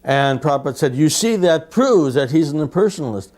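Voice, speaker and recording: A man telling anecdotes in a lively way, acting out the quotes he recalls. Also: fairly high pitch, a little fast. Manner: lively storyteller, acts out quotes. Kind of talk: anecdotal storytelling.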